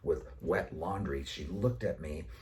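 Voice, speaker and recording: Deep-voiced man telling a story from afar. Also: measured pace, recorded from a distance, slight background noise. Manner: animated storyteller, acts out voices. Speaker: educator giving a talk. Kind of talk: storytelling talk.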